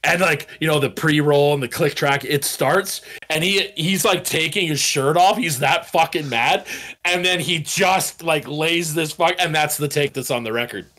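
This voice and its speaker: Animated, swearing male storyteller. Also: fairly high pitch, normal speed. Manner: animated, swearing storyteller who acts out quotes. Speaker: band guitarist and studio producer. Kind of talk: casual interview storytelling.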